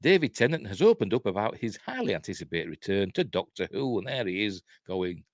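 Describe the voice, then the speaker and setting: Rambling Yorkshire man, lively low voice. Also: brisk, no echo, studio quality. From Yorkshire, England. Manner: rambling, chatty, laughs a lot, reads out viewer comments. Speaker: host of a live news stream. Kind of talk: casual live-stream commentary.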